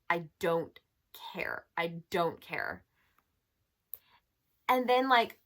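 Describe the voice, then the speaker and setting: A woman's voice: low voice, fairly bright tone. A young woman chatting casually as a book reviewer, exasperated and full of filler words. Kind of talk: casual chat.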